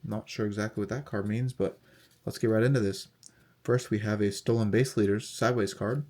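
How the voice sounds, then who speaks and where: A young man casually talking through a card unboxing, reading off player names in a steady, relaxed list. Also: on the low side, fairly quick. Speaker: card collector unboxing host.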